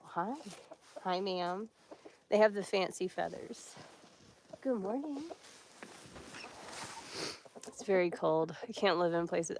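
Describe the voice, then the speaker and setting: Woman livestreaming at her chicken coop, slow easy talk, noisy outdoor phone audio. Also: on the high side, fairly bright tone. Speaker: livestream host. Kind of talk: casual livestream chat. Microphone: handheld phone.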